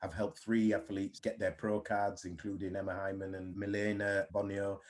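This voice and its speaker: Man, blunt, animated storyteller, interview guest. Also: on the low side, moderate pace. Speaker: guest mindset coach. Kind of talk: casual interview talk.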